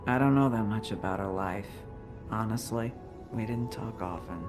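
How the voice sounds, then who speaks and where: A bitter, grieving bar owner. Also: female voice, extremely low pitch, moderate pace. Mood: weary. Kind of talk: video game voice acting. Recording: game audio over music.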